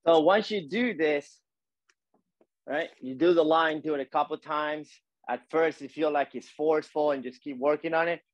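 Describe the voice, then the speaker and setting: A man teaching a calligraphy lesson while demonstrating, talking in a relaxed, repetitive coaching way with many fillers. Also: on the high side, normal speed, muffled recording.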